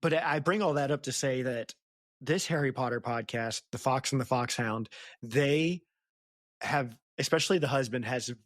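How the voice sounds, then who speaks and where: A woman's voice: a bass voice, normal speed, no echo, studio quality. A woman with a Southern US accent hosting a podcast, chatting casually and laughing often, with many fillers. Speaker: podcast host. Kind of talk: casual chat.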